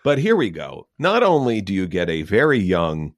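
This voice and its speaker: A man's voice: deep voice, wildly swooping pitch, moderate pace, no room sound, clean studio sound. A man co-hosting a casual podcast, talking enthusiastically with many fillers and restarts. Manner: enthusiastic, rambling with fillers and laughs. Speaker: podcast co-host. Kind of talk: casual chat.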